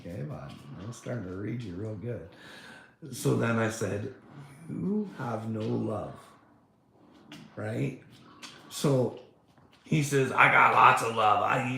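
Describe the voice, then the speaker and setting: A man's voice: medium pitch, gravelly, echoey room. A man talking casually in a rambling, profane rant, with frequent laughter and many fillers. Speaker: podcast host.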